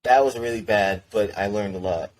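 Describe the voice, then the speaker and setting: A man's voice: lowish voice, normal speed. A young man, a band member guest on a podcast, telling a long story casually in a rambling way, full of "like" and restarts.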